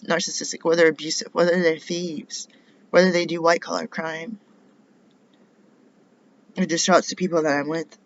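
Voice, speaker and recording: An indignant middle-aged woman rambles through a personal monologue and fires off rhetorical questions. The recording sounds dull and lo-fi. A faint hiss sits underneath. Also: sits low. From United States. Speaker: vlogger.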